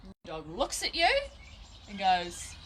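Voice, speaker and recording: A woman's voice: medium pitch, big pitch swings, a little slow, a little hiss or hum. A woman giving a casual, chatty dog-training lesson on a live video, with frequent restarts and laughter at her own slips. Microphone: phone or camera at a short distance.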